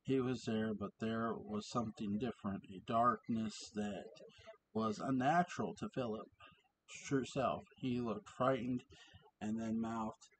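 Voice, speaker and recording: Slow, halting man reading his story. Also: lowish voice, steady tone, slight background noise, poor audio. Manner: halting, slow, many ums, asides about his cats. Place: home with cats around.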